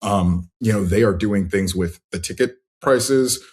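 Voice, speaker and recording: A man cohosting a sports podcast, talking in an animated, exasperated, rambling way. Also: lowish voice, a little slow. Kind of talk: casual podcast chat.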